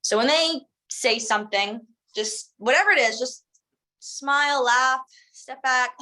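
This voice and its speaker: A woman trains salespeople in a loose, conversational way. Her voice is bright and forward, and she fills her talk with "like" and "um" while she acts out sample lines. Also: high-pitched, a little slow, poor audio. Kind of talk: casual instructional talk.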